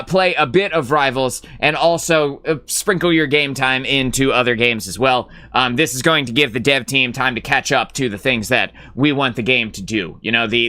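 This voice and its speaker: A man chatting loosely on a live gaming stream, his voice bright and forceful with a smooth, crisp tone. He rambles through plenty of "uh"s and "like"s and gets blunt and profane when something annoys him. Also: medium pitch. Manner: rambling and filler-heavy, with frequent "uh" and "like"; blunt and profane, reading and answering chat. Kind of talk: casual live-stream chat.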